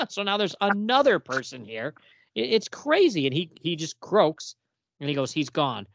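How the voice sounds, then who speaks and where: A man co-hosting a comic book podcast in a somewhat high, very lively voice. He sounds exasperated and animated, and he slips into character voices to read panel dialogue. The sound is dry and close to the mic. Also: moderate pace, vocal fry, no echo. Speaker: podcast co-host.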